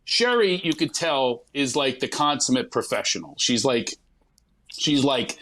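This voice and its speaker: Man, comedian, high voice, bright tone, animated storytelling, profane, acts out quotes. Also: a little slow. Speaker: guest comedian.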